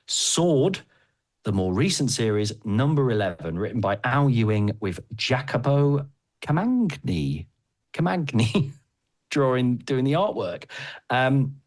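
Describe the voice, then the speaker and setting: A man hosting a casual podcast chat about comics, enthusiastic and laughing often. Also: medium pitch. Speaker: podcast host.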